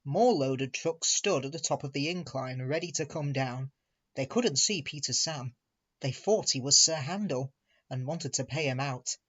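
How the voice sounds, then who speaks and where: A man reading a children's railway storybook aloud in a measured, expressive way. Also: medium pitch, husky, lo-fi sound. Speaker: reader. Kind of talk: storybook narration.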